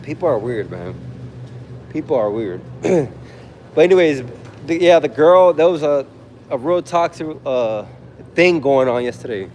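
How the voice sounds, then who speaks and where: A man's voice: mid-range voice, animated, unhurried, pauses often, darkish tone, big-room sound, slight background noise. A young man livestreaming from home, telling a story in a laid-back way, acting out quotes and laughing often.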